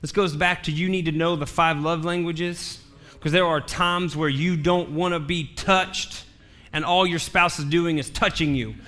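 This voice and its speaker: A man preaches a sermon in a church, delivering a personal story with humor and emphatic repetition. His voice sits a bit high and rings bright and forceful. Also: fairly even intonation, measured pace. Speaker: pastor.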